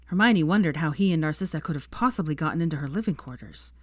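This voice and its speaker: Female narrator, low register, measured and expressive, dry booth sound. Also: dry recording. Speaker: fanfiction narrator. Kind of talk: scripted narration.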